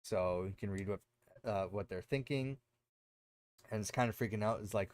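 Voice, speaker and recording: Podcast co-host, male, rambling recap style with lots of ums, smooth lowish voice. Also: moderate pace, darkish tone, dry recording, studio quality. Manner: rambling, lots of fillers and self-corrections. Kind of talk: casual chat recapping a show.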